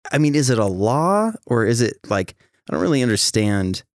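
This podcast host speaks at normal speed in a mid-range voice, recorded with studio quality and no echo. He keeps the conversation casual and lively, telling animated stories and cursing often.

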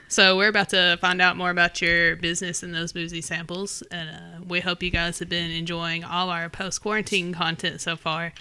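A woman's voice: on the low side, flat delivery, moderate pace, hardly any pauses, pushed and bright, smooth, dry recording. A woman hosting a podcast in a studio, bubbly and playful in casual chat. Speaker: podcast host.

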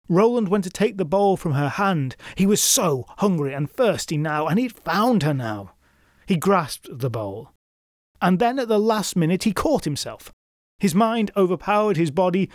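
A man's voice: sits high, expressive, moderate pace, dry recording, clean studio sound. A man narrating a folklore tale in scripted style, dramatic with wry asides to the listener. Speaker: storyteller host.

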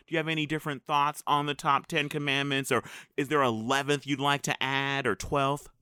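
A man's voice: mid-range voice, little pitch movement, brisk, sharp tone, clear, resonant tone, no echo, clean studio sound. A man hosting a comedic interview, asking mock-earnest questions and stumbling over his words playfully. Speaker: host.

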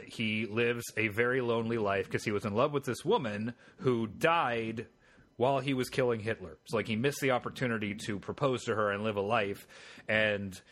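A man's voice: lowish voice, fairly bright tone. A man co-hosting a podcast, chatting casually through a film recap and acting out quoted lines in funny voices. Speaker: podcast co-host. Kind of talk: casual film review chat.

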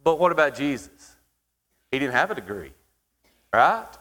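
A man preaching a sermon, asking the congregation questions and pausing for emphasis. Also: mid-range voice, big pitch swings, fairly bright tone. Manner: preaching with rhetorical questions and dramatic pauses. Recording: hall reverb.

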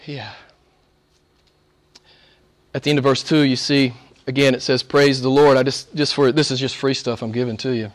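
A man preaching a sermon as pastor, conversational with chuckled asides, dropping to hushed whispers and rising to loud emphatic peaks. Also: mid-range voice, little pitch movement, moderate pace, long pauses.

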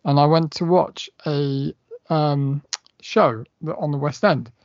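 Gravelly man chatting casually, lo-fi. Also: a little high, fairly even intonation, slow pace, darkish tone, no room sound. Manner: rambling, sweary, lots of fillers. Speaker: podcast co-host. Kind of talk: casual chat.

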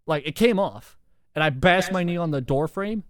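Young dude ranting through a crazy story, lots of "like", cursing, higher voice, dry handheld mic. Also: male voice, normal speed, dry recording. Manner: animated, profane, full of fillers. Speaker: podcast host. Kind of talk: casual podcast storytelling. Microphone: handheld microphone.

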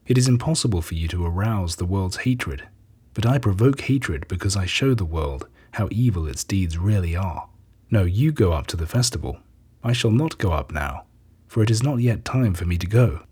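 Guy reading as a calm teacher man, earnest and measured, low husky voice. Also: heavily acted. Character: calm male teacher speaking with authority.

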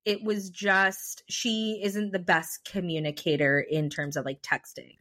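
Podcast co-host, young adult woman, lowish voice, chatty storyteller. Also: unhurried. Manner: chatty, animated storytelling with many fillers. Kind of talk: casual chat.

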